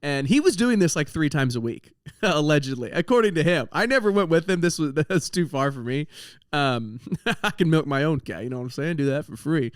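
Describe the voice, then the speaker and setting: A man's voice: on the high side, animated, a little fast, dry recording, studio quality. A young man hosting a podcast, telling a comedic story about his travels in a self-deprecating way, laughing at his own jokes. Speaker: podcast host.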